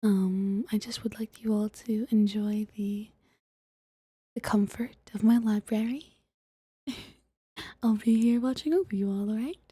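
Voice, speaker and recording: Soft whispering young woman, breathy. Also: medium pitch, fairly even intonation, unhurried, pauses often, dry recording. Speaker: streamer reading a book aloud. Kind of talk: whispered ASMR reading.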